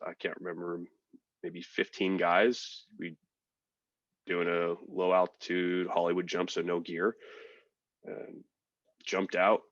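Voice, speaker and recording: A man, a military veteran and podcast guest, telling his story in a relaxed, frank way with fillers and swearing. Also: low voice, no echo, muffled recording. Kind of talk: casual storytelling.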